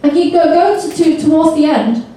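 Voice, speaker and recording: A woman leading an interactive seminar for teachers. She talks in a lively way, puts questions to the audience and mimics accents. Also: sits high, normal speed. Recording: echoey hall from far off.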